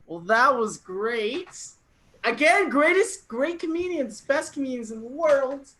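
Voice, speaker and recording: A woman's voice: high voice, animated, measured pace, fairly bright tone, poor audio. A woman hosting an online comedy show, joking and self-deprecating, laughing often. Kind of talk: casual stand-up hosting.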